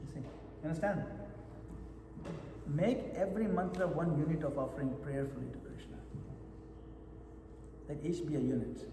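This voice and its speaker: A man's voice: on the high side, normal speed, pauses often, noisy background. Man teaching in an echoey hall. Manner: coaching, checks in with listeners often. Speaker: japa retreat teacher. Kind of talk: meditation workshop instruction. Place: retreat hall. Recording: echoey hall with long reverb.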